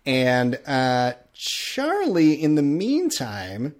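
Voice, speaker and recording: A podcast host in loose, easy conversation who swears offhandedly. The voice swings widely up and down in pitch as they tell the story with plenty of energy. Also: huge pitch swings, drawn-out words. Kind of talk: casual chat.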